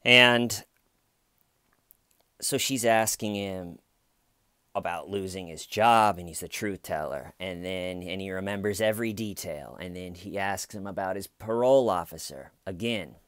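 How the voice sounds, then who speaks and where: A man talking through a court case in loose, sarcastic commentary, swearing now and then and slipping into mocking impressions. His voice sits fairly low. The recording is dry and close, with no room sound. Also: unhurried, fairly bright tone, dry recording. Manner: sarcastic, profane, mimics people he talks about. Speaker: commentary channel host. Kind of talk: casual true-crime commentary.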